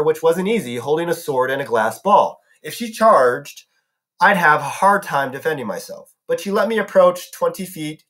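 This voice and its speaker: A man's voice: a little high, fairly bright tone. A man reading a novel aloud as a narrator, now and then correcting himself. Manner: narrating with some self-corrections. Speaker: audiobook reader.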